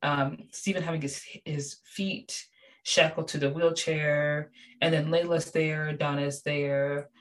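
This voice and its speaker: Low-voiced young woman gushing casually. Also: slow. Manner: animated, gushing, many fillers. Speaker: show reviewer. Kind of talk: casual chat.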